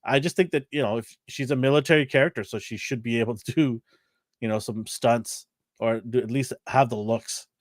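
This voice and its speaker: A man's voice: mid-range voice, brisk, no echo. Man chatting dry and close. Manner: rambling, repeats words, laughs often. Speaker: co-host. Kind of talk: casual chat.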